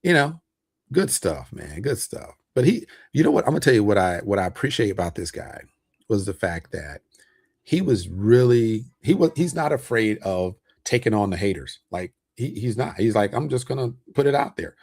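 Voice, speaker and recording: A man's voice: lowish voice, sing-song, moderate pace, darkish tone, breathy edge, no room sound, studio quality. A man hosting a casual livestream about investments, loose and chatty with lots of fillers and frequent chuckles. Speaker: online host talking about investments.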